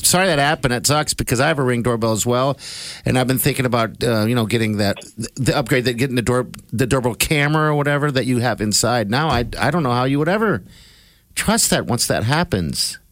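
A man co-hosting a radio morning show, chatty and reacting with quick exclamations. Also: mid-range voice, animated, a bit bright. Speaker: radio host.

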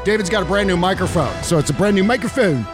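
A man's voice: sits high, lively intonation, fast, over music. A man hosting a casual political podcast, talking in a playful, jokey way. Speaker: podcast host.

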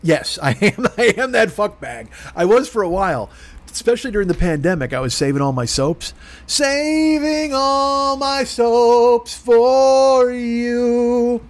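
A man telling a comedic story on a podcast, animated and profane, mocking himself. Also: a little high, brisk. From grew up poor. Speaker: podcast host.

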